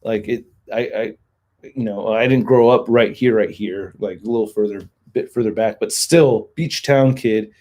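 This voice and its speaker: A man's voice: on the low side, moderate pace, a little mellow. A man from California with a Californian accent, hosting a casual livestream chat and rambling with lots of filler words. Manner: rambling, heavy use of "like" fillers. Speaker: livestream host.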